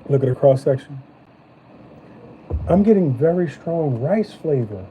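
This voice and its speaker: A man hosting a live stream, chatting casually as he reviews snacks, animated and slangy. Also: on the high side, measured pace, a little hiss or hum, poor audio. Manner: animated, loose slangy talk.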